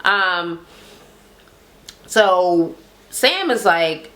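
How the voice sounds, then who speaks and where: A woman's voice: medium pitch, lively intonation, takes it slowly, a bit bright. A woman casually recapping a reality TV episode, swearing heavily and talking in slang, acting out people she quotes in a raised voice. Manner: heavy swearing, slangy, drawling.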